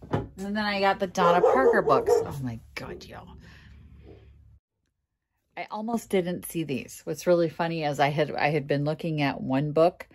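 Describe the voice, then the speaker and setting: A middle-aged woman from Minnesota telling a casual vlog story in a chatty, exasperated, animated way. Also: low voice, background noise. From Minnesota, USA. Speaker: vlogger.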